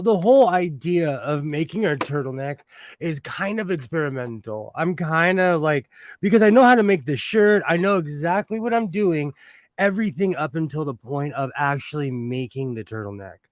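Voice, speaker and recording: A man's voice: a little high, lively intonation, unhurried, no room sound. A man hosting a sewing livestream, chatting casually, laughing often and greeting viewers by name.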